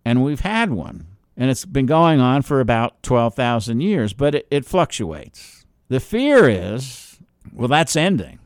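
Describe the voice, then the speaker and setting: A man with a New Jersey accent delivers an opinionated monologue, his pitch rising and falling animatedly. He leans on rhetorical questions and sarcastic asides. His voice is smooth and resonant, recorded dry with no room sound. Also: very animated, a little slow, no room sound. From New York City and New Jersey area.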